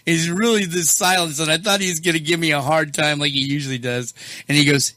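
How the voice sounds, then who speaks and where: A male show host chatting casually and telling stories, animated and quick to laugh. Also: a little high, no echo. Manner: laughs often, animated, tells stories with voices. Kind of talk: casual chat and storytelling.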